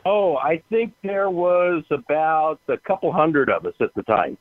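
A man's voice: on the high side, expressive, unhurried. A man telling stories in a casual way, laughing and acting out the other voices. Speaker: guest. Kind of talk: casual storytelling. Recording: tinny phone line, dry.

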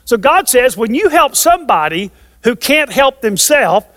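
An older man in his sixties preaches with a strikingly high voice, hammering home his points by repeating them. His words ring out with a long reverb, as if from a large hall. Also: very animated, unhurried, a bit bright. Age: 60s. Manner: emphatic, repeats key phrases for stress. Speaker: pastor. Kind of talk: sermon.

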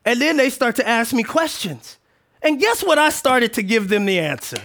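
High-pitched guy preaching a sermon, playful and animated, goes quiet then loud. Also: moderate pace. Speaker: pastor.

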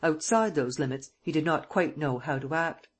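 An audiobook reader narrating a novel in a steady, even storytelling manner. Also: mid-range voice, normal speed, breathy edge.

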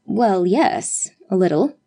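A woman reading the lines of a breathless, shaken young father in an audiobook, speaking with a quick sliding inflection. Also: medium pitch, expressive, mellow. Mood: wry. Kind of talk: audiobook character voice.

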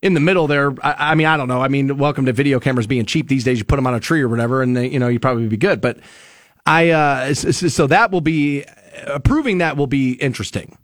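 A man hosting a radio show, telling a story casually and acting out quotes in loud bursts. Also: mid-range voice, quick pace.

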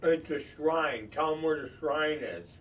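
A woman's voice: low-pitched, a little slow, recorded from a distance. A woman co-hosting a podcast in casual chat, teasing her partner and laughing often. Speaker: podcast co-host.

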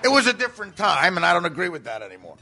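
A man's voice: high voice, huge pitch swings, rapid-fire, gravelly, pushed and bright. A man hosting a casual podcast, joking around and laughing a lot.

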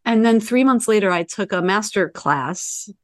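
A woman's voice: mid-range voice, lively intonation, normal speed, dry recording. A middle-aged woman telling a casual, chatty story, often saying "you know" and acting out quoted lines. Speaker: Reiki practitioner telling her story.

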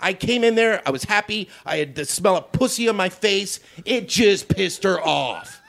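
A man's voice: sits high, expressive, moderate pace, gravelly, fairly bright tone. A male comedian telling a story in casual chat, blunt, profane and defensive. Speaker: comedian guest.

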